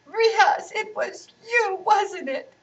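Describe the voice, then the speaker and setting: A small girl cries out in a high, teary voice, sobbing as she accuses her brother, put on by a woman reading a storybook. The voice is slow and sits back from the mic. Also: lively intonation, far from the mic, heavily acted. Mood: sobbing, accusing. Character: little girl, tearful and upset.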